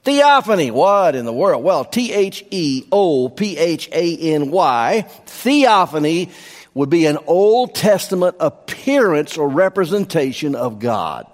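A man's voice: on the high side, sing-song, a little slow. A man preaching a sermon as pastor, emphatic, repeating key phrases for stress. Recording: long hall reverb.

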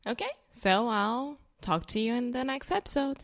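A woman's voice: fairly high pitch, moderate pace. A woman, a playful co-host practicing English pronunciation in a casual chat. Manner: playful, short replies.

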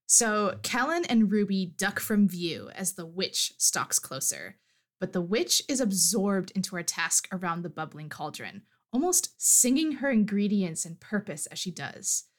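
A woman's voice: mid-range voice, expressive, unhurried. A woman co-hosting a podcast, animatedly recapping a fantasy story in casual chat. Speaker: podcast co-host.

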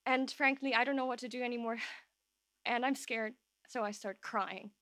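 A woman telling a true personal story live on an open-air stage, emotional and halting, voice shaking at times. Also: a little high, fairly even intonation, a bit bright, dry recording, clean studio sound.

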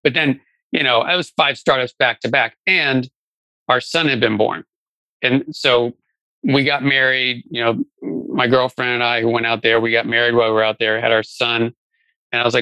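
A man's voice: mid-range voice, steady tone, brisk, pushed and bright, no room sound, rough recording. A middle-aged man talking casually as an interview guest, telling his career story with lots of fillers and restarts. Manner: conversational, many fillers and restarts. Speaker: guest, venture investor.

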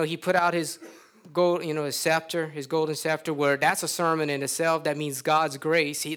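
Folksy high-voiced Louisiana preacher. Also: male voice, fairly bright tone. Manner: folksy storytelling, acts out characters. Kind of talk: sermon.

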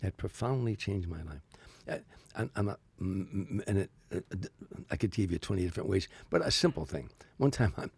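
Gravelly, deep-voiced older man telling stories. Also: lively intonation, fairly quick, hardly any pauses, dry recording. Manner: rambling anecdotes with frequent stammered restarts. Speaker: stand-up comedian guest. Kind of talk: casual storytelling interview.

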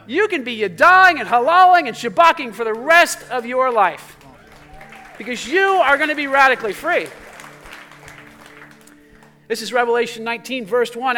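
A male pastor preaching a sermon to a congregation, swinging between fervent exclamations and hushed passages, with jokey asides. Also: very high voice, animated, normal speed, pauses often, soft background music.

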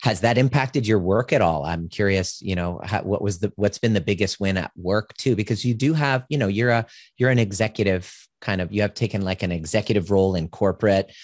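A man's voice: on the low side, brisk, a little mellow, no echo, clean studio sound. A man hosting a podcast interview as a coach, reflecting back and summarizing what his guest says. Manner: reflective, summarizing, many affirming murmurs. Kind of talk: interview conversation.

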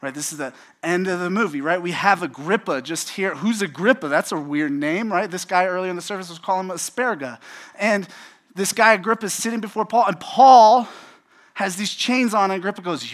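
Animated young male preacher. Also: high voice, a little fast. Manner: animated storytelling, acts out quotes. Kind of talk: casual sermon.

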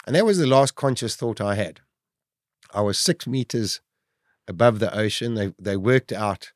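A middle-aged man vividly telling his own survival story, with animated storytelling that rises at the dramatic moments. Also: mid-range voice, moderate pace, no room sound, clean studio sound. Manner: vivid, lively retelling, rising to shouts at dramatic moments. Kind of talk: animated first-person storytelling.

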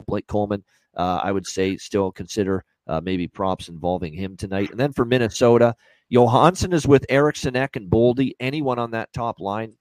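Man, low voice, dry recording, casual host chat, filler-heavy. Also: darkish tone, no room sound. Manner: quick, chatty, many fillers. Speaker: sports betting show host. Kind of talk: casual betting analysis chat.

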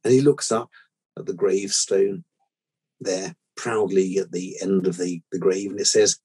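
A man's voice: low voice, fairly even intonation, normal speed, darkish tone, breathy edge. A man co-hosting a vet podcast, telling a long rambling anecdote with many restarts. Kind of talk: casual storytelling.

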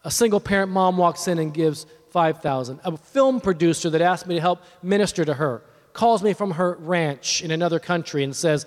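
Fervent high-voiced male preacher, echoing hall. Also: moderate pace, hardly any pauses. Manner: builds to fervent shouting. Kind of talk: sermon. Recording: long hall reverb.

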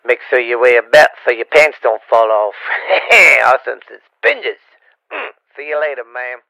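Gravelly Cajun man, folksy stammering drawl. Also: mid-range voice, animated, unhurried, bright, forceful tone, no room sound, low-quality recording. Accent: Cajun Louisiana. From Louisiana. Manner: rambling, stammering repeats, playful rhymes. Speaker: podcast guest. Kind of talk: casual podcast banter.

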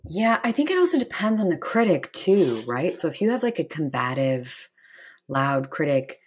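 Woman with a low, husky voice; thoughtful co-host who qualifies her points as she goes. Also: big pitch swings, normal speed. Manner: thoughtful, hedging, many "right?" tags. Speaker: podcast co-host, career coach. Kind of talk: casual podcast discussion.

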